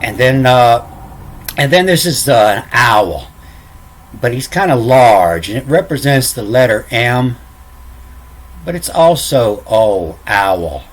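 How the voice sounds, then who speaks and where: A man explaining ancient letters off the cuff, halting and repeating words, spelling out letters one at a time. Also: mid-range voice, very animated, a little hiss or hum. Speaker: self-taught lecturer.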